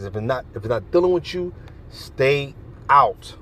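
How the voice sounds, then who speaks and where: A man's voice: mid-range voice, expressive, a little slow, fairly bright tone. A man preaching bluntly and profanely outdoors on a city street, with traffic passing behind him. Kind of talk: open-air street preaching.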